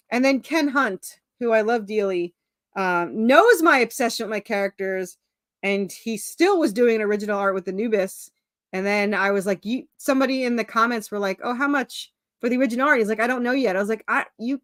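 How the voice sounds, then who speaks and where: A guest on a casual video call, this indie comic creator has a fairly high voice, captured in studio quality without room sound. She's self-deprecating, laughing at herself as she rambles with plenty of fillers and restarts.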